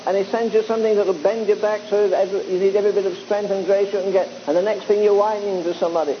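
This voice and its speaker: A man with a high voice preaches a sermon to a live church congregation, speaking fast with few pauses and fairly even intonation, exhorting and teasing his listeners in a conversational way. The lo-fi recording sounds dull, with a faint hiss.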